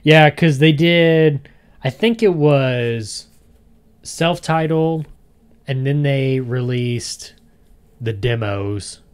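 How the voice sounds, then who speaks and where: A man's voice: medium pitch, very slow, smooth. A man hosting a podcast in a casual chat, talking in a chatty, rambling way and often laughing. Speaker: podcast host.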